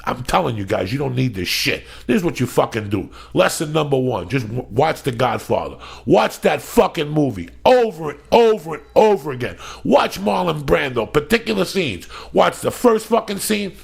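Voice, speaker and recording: A man's voice: on the high side, sing-song, normal speed, hardly any pauses. A middle-aged man, a podcast host ranting with heavy swearing and acting out movie lines. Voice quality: gravelly. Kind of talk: profane storytelling rant.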